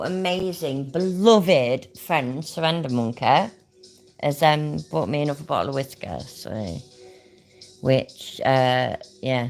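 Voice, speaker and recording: A woman hosting a livestream, chatting casually, swearing and laughing as she drinks. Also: low voice. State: drinking while talking. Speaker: livestream host. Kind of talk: casual chat.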